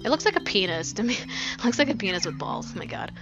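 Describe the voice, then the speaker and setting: A woman's voice: medium pitch, very animated, fast talker, muffled recording. Chatty young woman with game music behind her. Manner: rambling, giggly, lots of "like" and swearing. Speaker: let's play narrator. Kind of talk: casual gameplay commentary.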